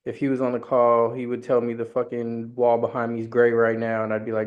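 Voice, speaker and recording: A man from New York, mid-pitched, telling stories in a casual podcast chat. He swears freely and acts out what his friends said. The sound is a little dull, as from a lo-fi recording. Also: monotone, fairly quick. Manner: profane, storytelling, imitates friends. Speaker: podcast co-host.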